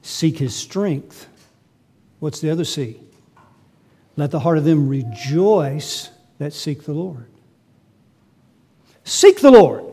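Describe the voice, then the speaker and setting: A man preaching a sermon, swinging between loud, emphatic lines and quiet asides as he works through a scripture passage. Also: a little high, takes it slowly, long pauses, breathy edge. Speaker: pastor.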